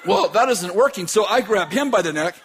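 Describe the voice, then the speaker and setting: A man preaching and telling a dramatic personal story, laughing often and shouting at the peaks. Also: high voice, fairly quick, a little hiss or hum. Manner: animated, laughing, shouting at climaxes. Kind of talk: sermon storytelling.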